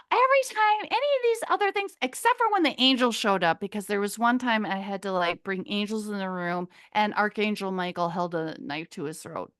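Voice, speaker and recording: A fairly high-pitched woman in her fifties from Minnesota, talking as a podcast guest. She tells her story loosely and chattily, drifts into tangents, laughs a lot and swears without a second thought. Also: fairly bright tone. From Minnesota, USA. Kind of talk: casual storytelling interview.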